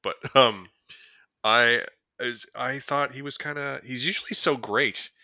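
A medium-pitched man with a sharp tone and an unhurried pace co-hosts a casual movie review podcast. He's relaxed and rambling, using lots of fillers and chuckles, recorded dry with studio quality.

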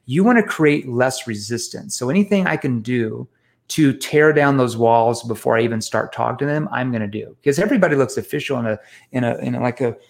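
An animated man is telling sales stories as an interview guest, poking fun at himself as he goes. He often restarts his sentences. His voice sits at an ordinary pitch for a man. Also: a little fast, creaky. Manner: animated, self-mocking anecdotes with many restarts. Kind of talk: storytelling in a casual interview.

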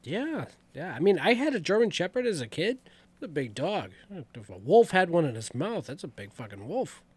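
A man's voice: fairly high pitch, sing-song, moderate pace, breathy edge, no room sound. A young man co-hosting a podcast, laid-back, with short replies and wisecracks. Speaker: podcast co-host. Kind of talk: casual chat.

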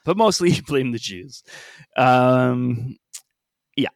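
A man's voice: medium pitch, lively intonation, takes it slowly, gravelly, no echo, clean studio sound. A man co-hosting a podcast in casual chat, joking and laughing often. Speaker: podcast co-host.

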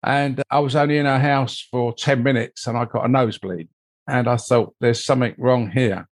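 Rambling through a long story about his own life, the older man, a mold investigator being interviewed, keeps adding "you know." His voice is medium-pitched and fairly even, at a normal speed.

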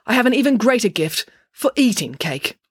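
A woman's voice: fairly high pitch, sing-song, husky, no room sound, clean studio sound, pitched above the performer's own voice. Nanny Piggins, a bossy pig, as a woman puts her on. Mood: lofty. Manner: brisk and bossy. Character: bossy, self-assured female pig nanny.

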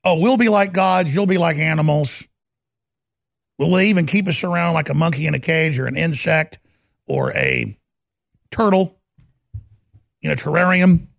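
Guy mocking some smug would-be god, high and gravelly, breezy. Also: normal speed, pauses often, no room sound, clean studio sound. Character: smug man promising that humans will become godlike.

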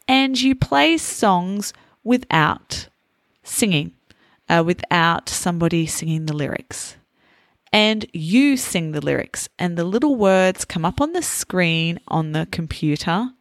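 A woman from Australia with a toned-down Australian accent, an English teacher who interviews a guest and explains words slowly and carefully. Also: medium pitch, dry recording, clean studio sound. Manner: slow, explaining carefully with pauses. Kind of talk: casual interview chat.

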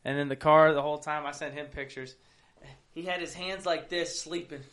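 A young man with a somewhat high voice rambles through a story, swearing freely. He co-hosts a loose, casual chat. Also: steady tone, a little fast, a bit bright. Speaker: podcast co-host.

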